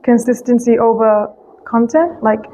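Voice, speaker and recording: A woman's voice: fairly high pitch, dark tone, a little hiss or hum. A young British woman, an English teacher, answering interview questions frankly and chattily, with a British accent tinged by American. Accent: British, with some American. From England. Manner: frank, chatty, quick-talking, with many "like"s. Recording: muffled lo-fi audio.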